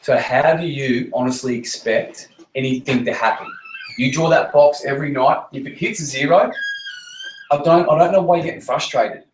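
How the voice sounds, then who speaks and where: A man leads a motivational talk for his team, blunt and punchy, swearing freely and repeating his key lines. His voice sits at an ordinary middle pitch for a man. The room gives it a noticeable echo. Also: normal speed, a little hiss or hum. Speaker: network marketing team leader. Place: meeting room with a group. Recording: roomy echo.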